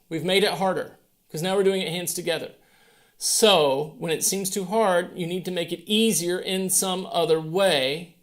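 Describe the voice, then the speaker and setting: A man teaches a piano piece step by step with a fairly high, gravelly voice. He talks slowly and patiently, counting beats aloud with a playful touch. A piano plays clearly behind him. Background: piano playing.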